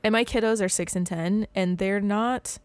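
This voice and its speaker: A woman in her thirties chatting casually as a podcast co-host, rambling, filling her talk with "like" and breaking into quick laughs. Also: mid-range voice, steady tone, clear, resonant tone, no echo. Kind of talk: casual chat.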